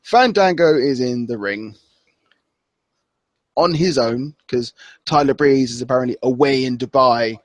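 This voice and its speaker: A man's voice: mid-range voice, unhurried, long pauses, no room sound. A man co-hosting a podcast, chatting loosely and acting out wrestlers' lines as he recaps. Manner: loose and rambling, acts out wrestlers' lines with laughs. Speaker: podcast co-host. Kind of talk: casual chat.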